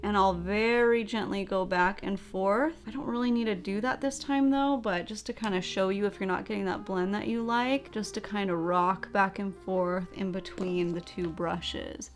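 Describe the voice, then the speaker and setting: A woman's voice: medium pitch, moderate pace, few pauses. A young woman narrating a makeup tutorial, bubbly and chatty, with playful sound effects as she works. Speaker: beauty vlogger.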